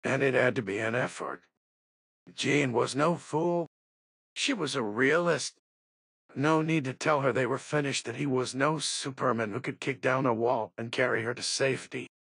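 Male audiobook reader, slightly husky tone, dry close sound, steady narration. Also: mid-range voice, normal speed, no echo. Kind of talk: scripted narration.

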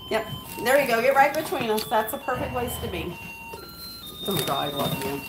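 A woman's voice: fairly high pitch, very animated, normal speed, over music, low-quality recording. A woman hosting a casual live stream, gushing and cooing in a sing-song way at her dogs as she opens gifts. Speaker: pet channel host.

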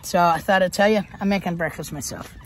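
A woman's voice: on the low side, quick pace, a little hiss or hum. A woman from the United States talking to viewers in a casual vlog, blunt and heavily profane. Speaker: vlogger. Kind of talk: casual vlog talk to camera.

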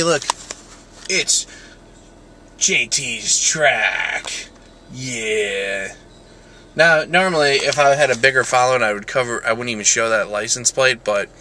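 A man's voice: medium pitch, sharp tone, a little hiss or hum. A young man vlogging casually, joking, rambling and making fun of himself. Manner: joking, rambling, self-mocking. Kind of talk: casual vlog.

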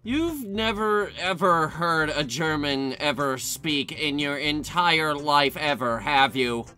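A man giving a sarcastic, comedic movie review, mocking and exasperated, swearing and now and then shouting in outrage. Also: on the high side, takes it slowly, faint music behind.

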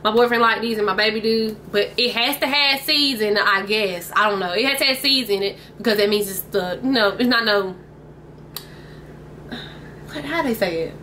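Bright chatty woman vlogging. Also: mid-range voice, moderate pace, a little hiss or hum. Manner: chatty, keeps addressing viewers as y'all. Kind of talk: casual grocery haul chat. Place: at home, indoors. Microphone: camera mic.

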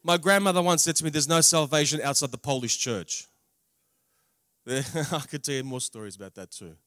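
Male preacher with a fairly high voice, dramatic emphasis and wry humor. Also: no echo, studio quality. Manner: dramatic swings in loudness, drawn-out emphatic words; humorous asides. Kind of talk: testimony sermon. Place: large camp meeting venue.

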